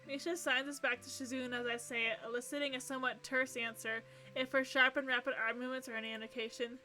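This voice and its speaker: Reading a game's narration aloud, this woman streamer moves at a quick clip in a high, bright voice. Excitable, gushing outbursts keep cutting in, and faint game music runs softly underneath.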